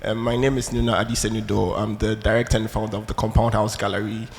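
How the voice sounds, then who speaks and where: A man introducing himself as a gallery director on a panel in a large hall, formal and measured. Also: fairly low pitch, level tone, creaky. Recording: long hall reverb, faint noise.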